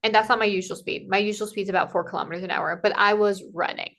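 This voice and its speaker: A woman's voice: medium pitch, fast talker. Chatty woman telling a travel story. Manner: animated, acts out quoted dialogue, many "like" fillers. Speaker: podcast guest, Camino pilgrim. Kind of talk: casual conversational storytelling.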